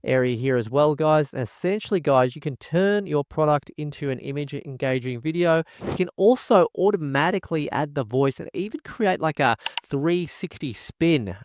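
A man's voice: on the high side, expressive, moderate pace, hardly any pauses, darkish tone, no room sound, studio quality. A man giving an enthusiastic product walkthrough as a tech reviewer, packing nearly every sentence with "guys" and "folks". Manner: enthusiastic, says "guys" constantly. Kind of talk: screen-recorded product walkthrough.

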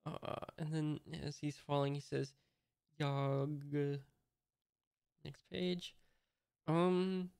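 A man's voice: a little high, steady tone, takes it slowly, vocal fry, darkish tone, clear, resonant tone, dry recording, clean studio sound. A man casually reading a comic aloud, hesitantly describing each panel as he figures it out. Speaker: host reading a manga aloud. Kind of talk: casual read-along commentary.

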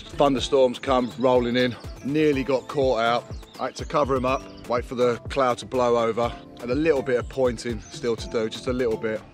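A man, a roofer, chatting casually outdoors on a roof and explaining each step of the job as he works, recorded on an action camera. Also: medium pitch. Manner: chatty, explains while working. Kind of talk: casual work vlog.

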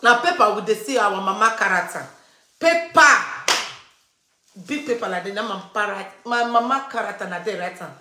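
In an echoey room with background noise, a woman with a Nigerian Pidgin accent and a mid-range voice recounts a family story at a moderate pace. She keeps repeating lines to drive her points home.

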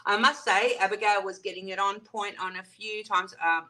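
A woman's voice: medium pitch, fairly even intonation, normal speed, pushed and bright. An Australian woman hosting a casual livestream, chatting and greeting viewers by name with pet names. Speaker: livestream host. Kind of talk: casual livestream chat reading viewer comments.

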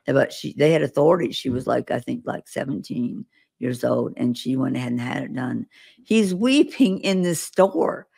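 A woman's voice: rumbling low, animated, moderate pace, vocal fry, warm tone, breathy edge. A woman guest on an interview show, earnestly recounting visions and stories with vivid detail. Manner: earnest, vivid storytelling with acted quotes. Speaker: guest prophetic minister.

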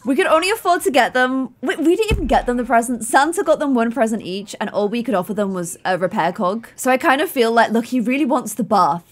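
A young woman commenting on her Sims game in a bubbly way, gasping and exclaiming often. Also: a little high. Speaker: gaming YouTuber.

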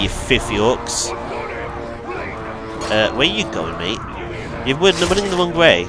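A man talks his way through a video game in casual let's play commentary. He is excitable and prone to yelps, and his voice jumps around lively from low to high. Game music plays clearly behind him. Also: takes it slowly. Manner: excitable, yelps and chatty asides. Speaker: gaming video host.

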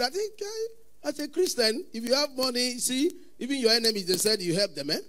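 Nigerian man, pastor, high-pitched, preaching, sudden shouted bursts. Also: expressive, moderate pace. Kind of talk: sermon.

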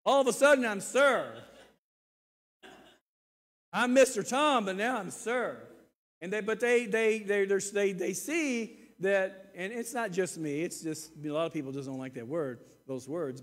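A man in his sixties preaches with a high voice, earnest and given to repeating himself. He swings from loud emphasis down to quiet asides. His words ring with a long church-hall echo. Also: unhurried. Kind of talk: sermon.

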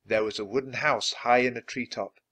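A man's voice: mid-range voice, normal speed, slightly rough. A man reading a children's book aloud, narrating expressively. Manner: expressive, lively. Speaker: storybook reader.

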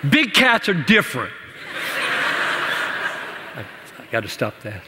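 A man preaching and answering questions in a church teaching session, animated and playful, laughing at his own jokes. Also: medium pitch, takes it slowly, heavy background noise. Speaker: pastor. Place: church hall. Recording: church hall reverb.

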